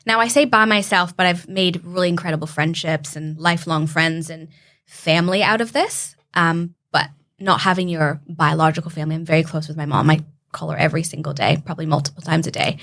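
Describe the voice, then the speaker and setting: A woman's voice: sits low, steady tone, fairly quick, a bit bright. A young woman from Canada, a podcast guest telling her story in an earnest, heartfelt way. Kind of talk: casual interview chat.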